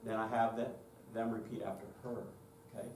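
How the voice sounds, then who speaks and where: A man leads a choir workshop, walking the audience through his methods and pausing often to ask "okay?". His voice is heard from some way off the mic in a roomy lecture space, with a faint hiss of background noise underneath. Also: fairly low pitch, flat delivery, darkish tone, recorded from a distance. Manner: explanatory, checks in with "okay?". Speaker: choir director presenting a workshop. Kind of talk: conference lecture with demonstrations.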